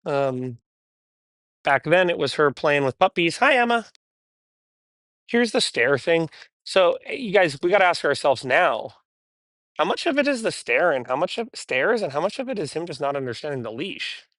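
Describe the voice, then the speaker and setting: A man's voice: very animated, moderate pace, a bit bright, no echo. A man working as a dog trainer, talking casually to the camera while he trains a dog, candid and chatty. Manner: chatty and candid, switching to high, cheery praise for the dogs.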